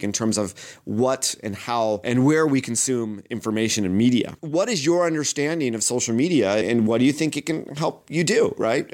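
Male consultant, mid-pitched, chatty solo talker who fires off rhetorical questions. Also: darkish tone. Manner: conversational, asks many rhetorical questions. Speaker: social media consultant. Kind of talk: solo podcast monologue.

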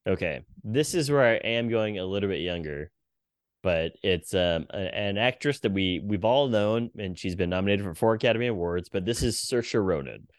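A man co-hosting a podcast in casual chat, playful, laughing often and trying quick impressions. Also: fairly low pitch, animated, no echo, clean studio sound. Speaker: podcast co-host.

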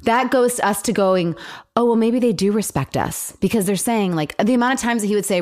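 A woman in casual chat, getting heated and animated as she talks, with lots of fillers. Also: medium pitch, a little fast.

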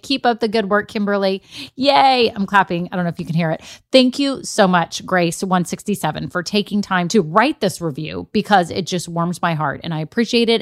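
A woman's voice: mid-range voice, no room sound, studio quality. A young adult woman hosting a business podcast in an upbeat, emphatic way. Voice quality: bubbly, emphatic, animated. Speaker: podcast host.

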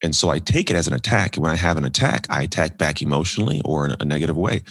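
Low husky guy talking fast on a podcast, animated storyteller, dry close mic. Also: no echo. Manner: animated storyteller, acts out quoted voices. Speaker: podcast guest. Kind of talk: storytelling in a casual interview.

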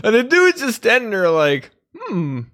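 A man casually discussing a movie with a friend, animated and swearing as he acts out scenes. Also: medium pitch, moderate pace, no echo, studio quality.

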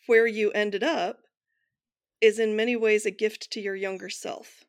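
A woman's voice: medium pitch, steady tone, unhurried, dry recording, clean studio sound. A woman panelist speaking in a casual, affirming way in a panel conversation.

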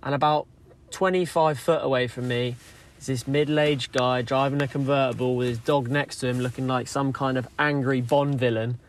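A man sending in a story, told lively and acting out what people said. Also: medium pitch. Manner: lively storyteller, acts out quotes. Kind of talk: recorded voice note story.

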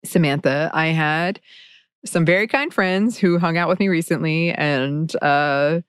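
A woman's voice: low voice, a little slow, clean tone, no room sound, clean studio sound. A woman hosting a podcast in casual chat, laughing and adding lots of affirming murmurs. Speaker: podcast host.

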